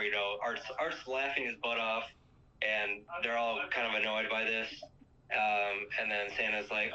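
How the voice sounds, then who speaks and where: Bright-toned man rambling through a movie recap. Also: lowish voice, little pitch movement, unhurried, pauses often. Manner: rambling, fills with um and uh. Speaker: podcast host. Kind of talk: casual movie recap chat. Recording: lo-fi muffled sound.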